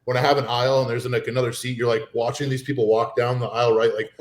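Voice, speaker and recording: A man of middle pitch talking on a podcast in an echoey room. He tells his stories in a laid-back but exasperated way and swears often. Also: flat delivery, fast. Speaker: podcast co-host. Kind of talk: casual chat.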